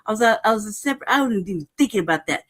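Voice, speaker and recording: Very fast and expressive, this woman's mid-range, fairly bright voice carries a heated, swearing account of what happened. She tells it casually, stressing every point and scattering "right?" and "cuz" throughout.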